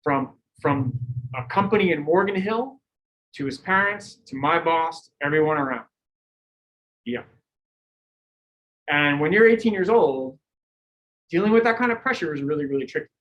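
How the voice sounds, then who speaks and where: A middle-aged man, a cycling coach, giving a lecture full of animated stories and acted-out quotes, laughing now and then. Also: on the high side, normal speed, pauses often, poor audio. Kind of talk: lecture with anecdotes.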